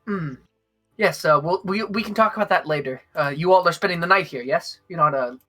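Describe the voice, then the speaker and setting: A man voicing a gracious noblewoman hostess in a tabletop game, polite and halting, with many restarts. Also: fairly high pitch, pushed and bright, faint music behind. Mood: courteous. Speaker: non-player character.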